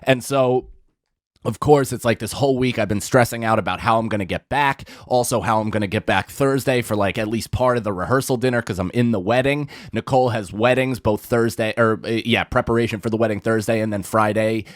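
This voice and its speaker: A man's voice: lowish voice, fairly quick, dry recording, clean studio sound. A man in his thirties hosting a podcast, telling an exasperated, profane comic story and acting out both sides of a phone call. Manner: exasperated, profane, animated rant with voiced impressions. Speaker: podcast host. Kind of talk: casual comedic storytelling.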